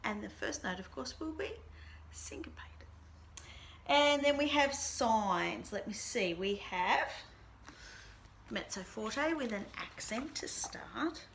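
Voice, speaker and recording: A bright-voiced woman teaches a recorded band lesson at a slow, patient pace. She explains each passage step by step and sings the rhythms aloud on nonsense syllables. Faint background noise sits under her voice. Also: mid-range voice, expressive.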